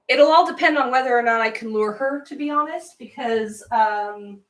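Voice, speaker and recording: A young woman hosts a relaxed livestream from a spare room at home, her slightly bright voice on the high side. She talks at a normal pace with few pauses, and she's far from the mic in a roomy space, chatting, giggling and laughing often.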